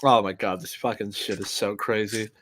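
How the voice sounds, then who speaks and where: A young man with a lowish voice, speaking at normal speed, riffs casually with a co-host on a video. He is excitable, swears, and repeats words as he goes.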